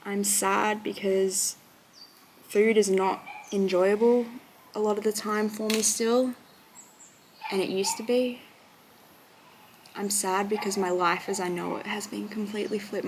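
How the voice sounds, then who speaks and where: A woman's voice: medium pitch, a little hiss or hum. Candid young woman in a roomy echo. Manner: earnest and confessional, often trailing off quietly. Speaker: recovery vlogger. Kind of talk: candid personal talk to camera.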